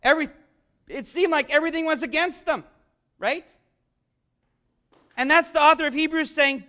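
A man preaching a sermon, earnest and conversational, rising to shouts on key lines. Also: very high-pitched, normal speed, pauses often. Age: adult, father of young children. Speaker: pastor.

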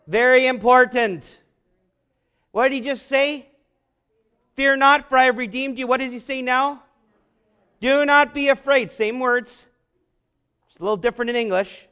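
A man preaching a sermon, asking the congregation rhetorical questions and slowing down to stress repeated phrases. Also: very high voice, bright, forceful tone. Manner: rhetorical questions, emphatic slow repetitions. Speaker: pastor.

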